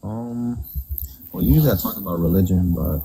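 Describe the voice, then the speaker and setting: A man calling into a debate stream, hesitant and soft-spoken, with distant, muffled audio. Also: low-pitched, moderate pace. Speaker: caller. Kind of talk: casual debate chat.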